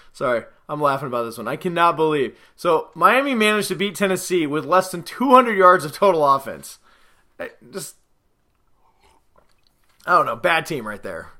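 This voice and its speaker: This podcast host, a man with a fairly high and sharp-toned voice, talks loosely through his football predictions. Along the way he cracks jokes and takes sarcastic shots at teams and players.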